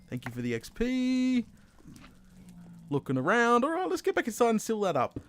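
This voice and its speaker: Excitable Australian man narrating gameplay. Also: a little high, normal speed, background noise. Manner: excitable, chatty, self-deprecating. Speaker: gaming video host. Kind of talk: casual game commentary.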